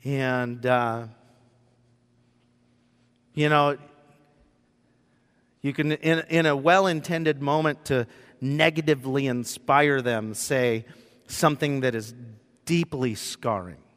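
A man pastor preaching a sermon in a room with whiteboards, telling the story in an animated way and acting out the scenes. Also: mid-range voice, slow pace, pauses often, clean tone. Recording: long reverb in a hall.

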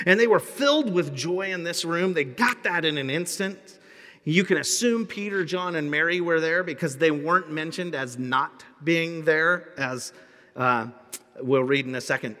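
A man pastor preaching a sermon in an animated, humorous storytelling way. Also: a little high, in a large hall.

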